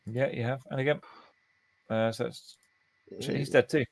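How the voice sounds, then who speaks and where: A man narrating a tabletop game as game master, animated and jumping into brief character voices. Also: creaky, dry recording, poor audio. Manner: animated, slipping into quick squeaky character voices.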